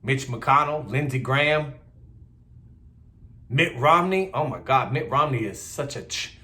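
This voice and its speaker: A man's voice: mid-range voice, animated, a little slow, pushed and bright. A middle-aged man, giving a blunt, heated, repetitive political rant in a casual monologue. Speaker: political commentator.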